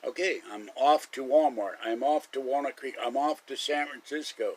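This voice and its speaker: A man's voice: mid-range voice, moderate pace, rough recording. A man hosting a live stream, rambling through casual stories and chuckling often. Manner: chatty storyteller, chuckles often.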